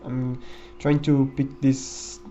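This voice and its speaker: A man's voice: mid-range voice, flat delivery, slow, warm tone, dull audio, slight background noise. A man giving casual, rambling commentary over a game run, with many fillers and restarts. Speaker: gameplay commentator.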